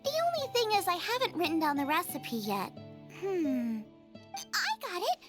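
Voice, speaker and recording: A woman's voice: very high voice, big pitch swings, normal speed, over music. A woman voicing a cheerful, food-obsessed young female chef in a game. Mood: eager. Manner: bubbly, eager, food-obsessed.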